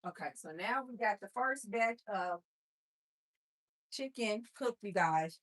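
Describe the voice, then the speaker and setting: Lady cooking on a livestream, slow unhurried talk, chatty storyteller vibe. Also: mid-range voice. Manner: animated storyteller, talks to viewers as "you guys". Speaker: livestream host. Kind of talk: casual cooking livestream chat.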